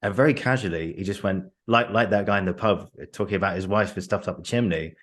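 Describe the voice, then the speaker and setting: Deep-voiced man telling pub stories. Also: fast. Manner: chatty, laughs through his own anecdotes. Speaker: podcast host. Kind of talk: casual conversational storytelling.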